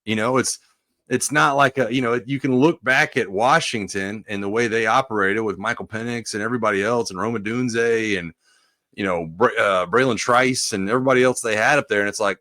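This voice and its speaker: A man's voice: lowish voice, brisk, sharp tone, dry recording, studio quality. A man co-hosting a casual sports podcast, a former player rambling with plenty of fillers.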